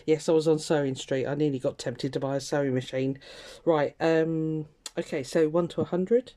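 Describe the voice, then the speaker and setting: A woman hosting a craft video, chatting casually to herself and her viewers with laughing asides, in a rough morning voice. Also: low voice, fairly even intonation, moderate pace, warm tone. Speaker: craft channel host.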